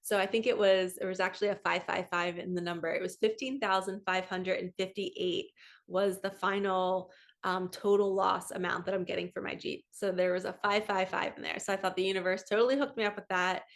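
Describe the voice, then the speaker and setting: A woman vlogger and spiritual coach telling a personal story to camera from home. She is chatty and excitable, and she keeps reenacting what other people said. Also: mid-range voice, a little fast. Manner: chatty and excitable, quoting others in lively retellings.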